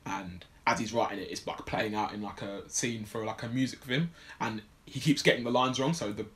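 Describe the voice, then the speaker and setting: A man's voice: lowish voice, fairly quick, fairly bright tone. A man casually recapping a film plot on a podcast, rambling with lots of fillers. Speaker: podcast co-host. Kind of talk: casual film review chat.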